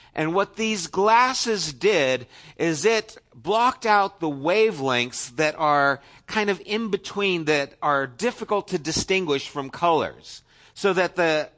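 A man preaching a sermon in a bright, forceful voice that sits a little high. He tells the story with casual asides and lets his voice sink soft and low to make a point.

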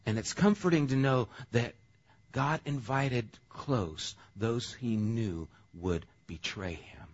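Man, pastor, conversational animated sermon, breathy voice, muffled lo-fi sound. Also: medium pitch, slow pace.

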